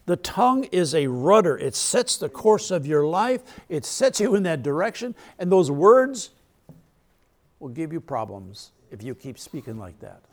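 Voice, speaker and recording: A man's voice: on the high side, sing-song, a little slow. A male pastor preaching a sermon in a conversational way, asking the crowd questions and laughing between points.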